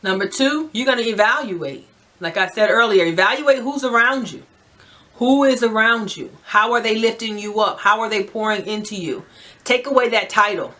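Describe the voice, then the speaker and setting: A woman's voice: on the high side, normal speed. A woman from New Jersey with a New Jersey accent, giving emphatic, direct life advice to camera and often checking in with "right?". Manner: naturally loud. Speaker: advice vlogger.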